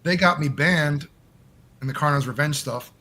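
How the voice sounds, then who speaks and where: A man as the guest in a casual interview over a call, rambling and animated and swearing often. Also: a little high, moderate pace.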